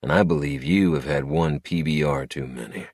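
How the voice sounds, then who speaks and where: A man's voice: very deep voice, very animated, moderate pace, creaky, darkish tone, dry recording, studio quality, heavily acted. A man narrating an audiobook voices a portly, belligerent drunk hillbilly with a thick Southern US drawl. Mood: taunting.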